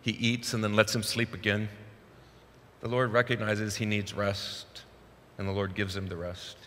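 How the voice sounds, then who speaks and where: Male pastor, animated sermon storyteller, forceful voice, long church reverb. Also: on the low side, moderate pace, a little hiss or hum. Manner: animated storytelling, acts out Bible quotes. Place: church sanctuary.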